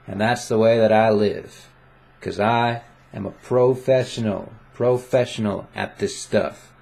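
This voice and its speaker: A young man talks into a desk condenser mic in his room, in a casual vlog. His voice sits a bit low, and he rambles playfully, mocks himself and restarts his sentences. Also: fairly even intonation, unhurried, gravelly, darkish tone. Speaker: vlogger. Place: home room with webcam.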